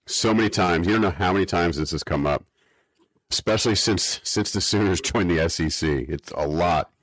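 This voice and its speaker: A man's voice: deep voice, moderate pace, a bit bright, no room sound. A man co-hosting a podcast, recapping an episode in casual chat with wry, mock-academic rants. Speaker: podcast co-host.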